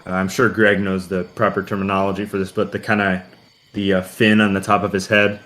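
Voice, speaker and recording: A man's voice: low-pitched, flat delivery, a little fast, fairly bright tone. A man narrating as game master, rambling and full of fillers. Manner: rambling, heavy on "kinda" and "uh".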